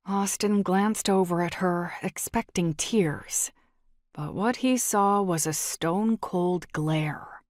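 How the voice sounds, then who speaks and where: A woman reading a romance audiobook in an even, measured storytelling voice. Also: on the low side, no room sound. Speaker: audiobook narrator. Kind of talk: scripted narration. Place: recording booth. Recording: dry close studio sound.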